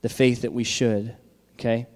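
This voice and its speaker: A man's voice: mid-range voice, level tone, moderate pace, darkish tone, long reverb tail. A man giving a sermon as pastor, talking conversationally and checking in with the congregation with frequent "all right?".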